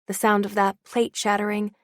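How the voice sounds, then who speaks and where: A woman's voice: medium pitch, little pitch movement, normal speed, dry recording, studio quality. A young adult woman narrating a first-person audiobook in a wry, confiding way.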